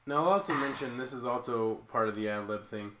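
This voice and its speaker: A podcast co-host in a casual movie recap chat, animated and often acting out scenes in quoted voices. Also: mid-range voice, quick pace, echoey room, background noise.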